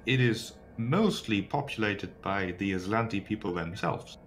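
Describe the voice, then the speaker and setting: A man voicing a calculating woman prisoner who speaks in a measured, cautious way. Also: lowish voice, faint music behind, lightly acted. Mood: guarded. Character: guarded calculating woman captive.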